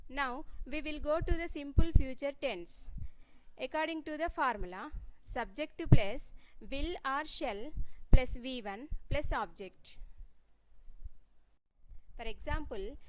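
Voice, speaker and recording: A woman teaching a grammar lesson in a measured, scripted way, reading example sentences one by one. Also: sits high, a little hiss or hum, rough recording. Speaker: English teacher.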